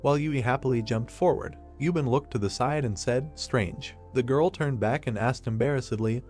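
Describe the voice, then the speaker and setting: A man's voice: mid-range voice, brisk. Man narrating a story recap over music. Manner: steady storytelling in third person.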